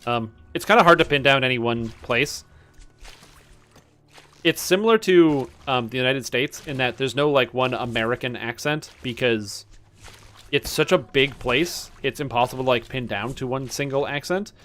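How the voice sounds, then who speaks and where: A man's voice: mid-range voice, moderate pace, a bit bright. A man streaming a game, chatting casually and rambling with many fillers. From Canada. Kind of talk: casual gaming chat.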